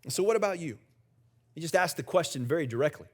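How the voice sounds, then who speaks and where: A middle-aged man, the senior pastor, speaks fast with lively intonation and a slightly high voice. Before a live congregation in the church sanctuary, he delivers a conversational sermon and trades jokes with the crowd.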